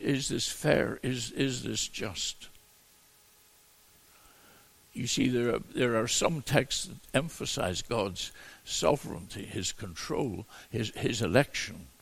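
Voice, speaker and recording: A man gives an expository sermon at an unhurried pace. His voice is deeply gravelly and husky. He stumbles and restarts often as he works through the verses. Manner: halting delivery with frequent repeated words and restarts. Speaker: preacher. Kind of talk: expository Bible teaching.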